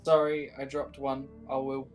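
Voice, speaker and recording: A man taking part in a tabletop game, speaking casually and haltingly, filling gaps with like and sort of. His voice sits at a middle pitch. Faint music plays in the background. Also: completely flat delivery. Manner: casual, halting, lots of likes. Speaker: player.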